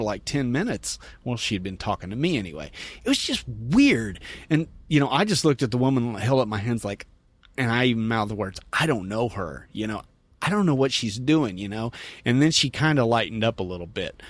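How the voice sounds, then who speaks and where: A man hosting a podcast, telling a story in a casual, animated way and laughing as he quotes people. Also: mid-range voice, dry recording. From United States. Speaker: podcast host.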